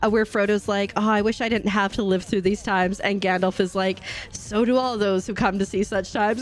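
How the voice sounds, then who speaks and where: A woman's voice: medium pitch, sing-song, normal speed, faint music behind. A woman streaming a game live, chatting casually, laughing often and greeting her chat viewers. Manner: bubbly, giggly, greets chat viewers warmly.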